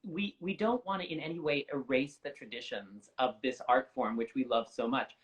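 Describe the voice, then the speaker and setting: A man's voice: mid-range voice, moderate pace, low-quality recording. A young man speaking as an opera singer guest in an interview, articulate, earnest and reflective. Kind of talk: conversational interview.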